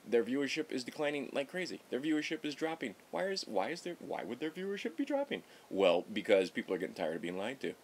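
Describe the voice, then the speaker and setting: A middle-aged man giving casual political commentary in a rambling, sarcastic way, often stopping to correct himself. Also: medium pitch. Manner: rambling, sarcastic, self-interrupting. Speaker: political vlogger.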